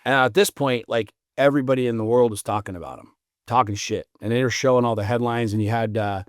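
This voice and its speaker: A man's voice: mid-range voice, fast, no echo, studio quality. A man appearing as a podcast guest, telling stories bluntly and profanely in a casual conversation. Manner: animated storyteller, blunt and profane.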